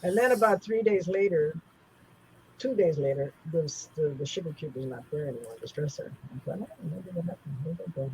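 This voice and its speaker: A man's voice: a little high, expressive, a little fast, slight background noise, rough recording. A man in his seventies tells personal stories as an interview guest, rambling with many restarts and fillers. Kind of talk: personal storytelling in a casual interview.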